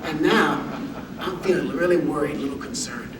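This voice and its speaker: A man giving a motivational talk, telling humorous personal stories with an animated, self-deprecating delivery. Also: fairly high pitch, a little fast. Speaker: motivational speaker. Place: university lecture hall. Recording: echoey hall audio from far off with background noise.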